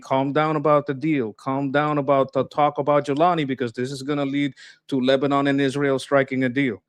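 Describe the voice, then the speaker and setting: A man's voice: medium pitch, no room sound, studio quality. A man arguing his political views with heat, swearing and repeating himself as he gets worked up. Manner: impassioned, swearing, repeats words when worked up. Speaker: co-host. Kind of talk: heated political discussion.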